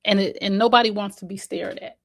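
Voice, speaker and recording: A woman's voice: medium pitch, a little fast. A woman with a New Jersey accent, a mother and autism advocate, telling stories in a casual interview and acting out what people said. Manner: animated storyteller, acts out quotes.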